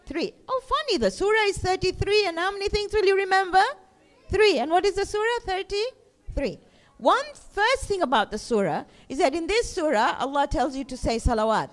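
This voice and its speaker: A middle-aged woman teaching a children's class in a mosque, lively, asking the children questions and answering them herself. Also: sits high.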